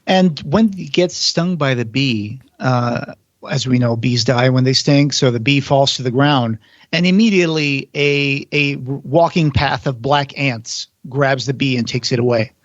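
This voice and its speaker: A man's voice: mid-range voice, a little slow, no room sound, highs cut off. A man hosting a podcast, retelling film scenes in casual detail and acting out quotes. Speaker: podcast host.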